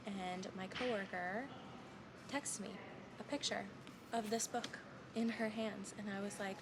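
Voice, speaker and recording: A woman's voice: mid-range voice, steady tone, normal speed. A woman in her late twenties telling stories in a chatty, casual vlog. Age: late 20s. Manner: chatty storytelling, hushed asides. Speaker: vlogger. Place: in a store, at work, at home. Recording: phone vlog with clear background noise.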